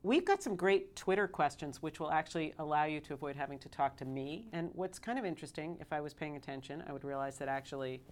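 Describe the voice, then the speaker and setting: A woman's voice: low voice, fast talker, hardly any pauses. A woman hosting a podcast, chatting casually with guests, teasing and laughing often. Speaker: podcast host. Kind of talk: casual chat.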